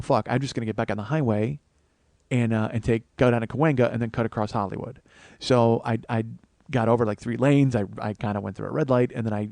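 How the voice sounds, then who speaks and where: A man's voice: mid-range voice, vocal fry, a little mellow, dry recording. A man, a comedian hosting his own show, telling a long story and acting out the other people's voices. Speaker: comedian host. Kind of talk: storytelling monologue.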